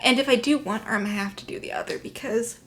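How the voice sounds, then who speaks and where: High-voiced chatty woman vlogging at home. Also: fast, fairly bright tone, a little hiss or hum. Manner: chatty and playful, drops into whispers now and then. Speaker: beauty vlogger. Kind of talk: casual chat to camera. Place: at home, at night.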